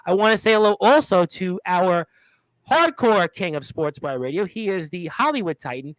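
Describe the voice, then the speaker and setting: A man's voice: sits high, expressive, normal speed, fairly bright tone, dry recording. A man from Brooklyn, hosting a casual radio interview and reading out listener comments in a rambling, filler-heavy way. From Brooklyn, New York. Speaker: radio show host.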